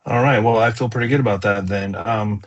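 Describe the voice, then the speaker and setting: A man's voice: on the low side, fairly even intonation, brisk, dull audio. Chatty male podcast host. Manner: chatty, rambling with fillers. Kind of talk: casual conversational podcast.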